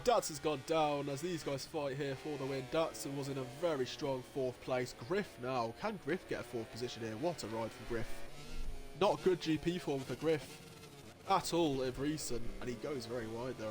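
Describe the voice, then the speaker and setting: A man giving live commentary on an online motorcycle race, getting excitable and jumping high at the overtakes, with race engine noise behind him. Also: normal speed, over music. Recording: noisy with engine sounds behind. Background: racing game engine noise.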